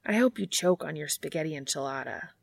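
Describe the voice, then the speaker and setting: Woman voicing younger brother, earnest, blunt, exasperated, gravelly. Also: sits low, expressive, fairly quick, no room sound, exaggerated voice. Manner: pressing, exasperated.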